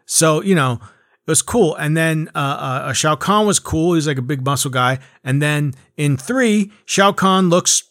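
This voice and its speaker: A man's voice: fairly high pitch, animated, normal speed, fairly bright tone, no room sound, studio quality. Rambling, profane man ranting about games. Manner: rambling, profane, frequent fillers and restarts. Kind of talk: casual rant.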